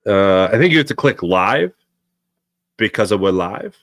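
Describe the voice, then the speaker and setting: A man's voice: on the low side, lively intonation, moderate pace, fairly bright tone, no echo, studio quality. A young man hosting a live sports talk stream, rambling and reading viewers' comments aloud. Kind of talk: casual live-stream chat.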